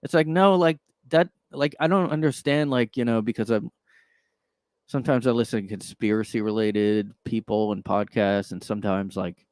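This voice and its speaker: A man's voice: on the low side, normal speed, a little mellow, clean tone, dry recording. A man hosting a solo podcast from his own room, rambling through casual commentary in a sarcastic tone with lots of filler words. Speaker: podcast host.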